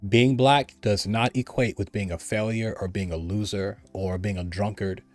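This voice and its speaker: A man's voice: fairly low pitch, fairly even intonation, normal speed, faint music behind. A man from the United States giving an emphatic, repetitive opinion monologue, mimicking others in a raised voice. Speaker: commentator.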